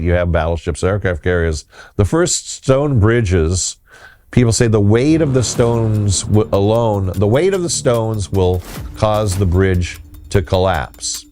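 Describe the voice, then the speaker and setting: A man hosting a casual talk on folklore, telling a story in a rambling, halting way with many restarts. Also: on the low side, darkish tone. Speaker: host.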